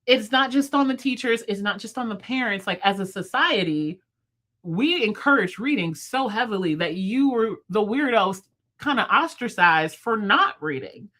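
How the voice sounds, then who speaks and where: A woman in her thirties hosting a livestream, chatting casually with viewers, fast-talking and playful. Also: on the high side, animated, fairly bright tone. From United States. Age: 30s. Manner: talks fast, chatty and playful, laughs often. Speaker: livestream host. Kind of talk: casual live chat with viewers. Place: at home, in bed.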